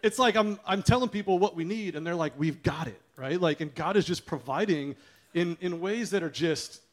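A man with a somewhat high voice shares a testimony at a church service. He tells it as a lively story and acts out the people in it. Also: moderate pace. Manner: animated storytelling, acting out what others said. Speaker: church planter.

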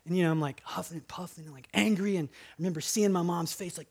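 Brief: male pastor, high-pitched, chatty sermon style with playful voices. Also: quick pace, darkish tone, slightly rough. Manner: conversational preaching, frequent "right?" asides; acts out quoted voices for humor.

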